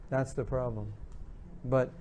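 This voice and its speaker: Male lecturer, mellow dark tone, earnest, repeats his points to the audience. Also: medium pitch, fairly even intonation, slow pace. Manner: earnest, repeats key phrases, acts out spouses' lines. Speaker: speaker giving a talk on marriage. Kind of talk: spiritual lecture with audience questions.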